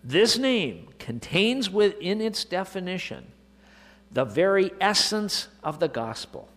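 A man preaching a sermon, moving from quiet asides to slow, emphatic declarations. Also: high-pitched, big pitch swings. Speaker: pastor. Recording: long reverb of a large hall.

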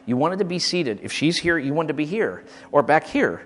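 On the high side and at a moderate pace, a man's voice relates humorous tales of his old schoolteachers. The Michigan native is animated and comic in his casual storytelling, acting out quotes and restarting often.

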